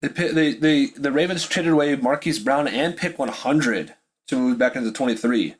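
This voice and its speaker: A man's voice: medium pitch, moderate pace, husky. A man with a Pittsburgh accent hosting a podcast, reacting live to a football draft, swinging between disbelief and ranting while drinking beer. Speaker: podcast host.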